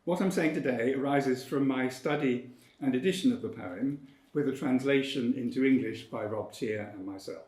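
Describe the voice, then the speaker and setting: Measured man lecturing in a roomy hall. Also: medium pitch, darkish tone. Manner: measured, precise, emphatic. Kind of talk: academic lecture.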